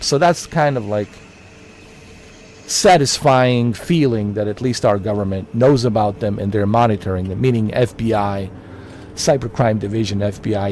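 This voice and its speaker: A man talks straight to his livestream chat in a loose, rambling way. He circles back over the same points, preaching at his viewers. A faint hum of traffic sits low behind him. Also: a little mellow. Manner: rambling, preachy, repeats himself. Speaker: livestream host. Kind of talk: casual livestream talk to chat.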